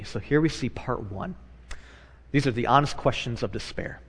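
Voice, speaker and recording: A man, a pastor, preaching a sermon in a conversational way, moving between hushed and loud animated passages and repeating phrases for emphasis. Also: mid-range voice, brisk, big-room sound.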